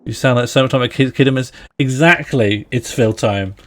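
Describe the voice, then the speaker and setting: A man live-streams a video game, chatting playfully with viewers and friends, laughing often and talking to himself as he plays. His voice is mid-range and fairly quick.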